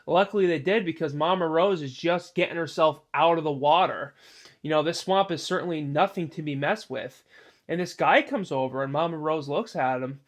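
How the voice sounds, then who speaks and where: A man's voice: a little high, normal speed. A man narrating an improvised spoken story in a rambling way, full of "you know" asides.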